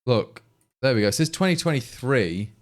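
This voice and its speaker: A man's voice: medium pitch, animated, moderate pace. A man with an East Midlands English accent, from Leicestershire, chatting casually on a live coding stream, thinking aloud and answering viewers. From England, Leicestershire. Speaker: programmer livestreaming his coding.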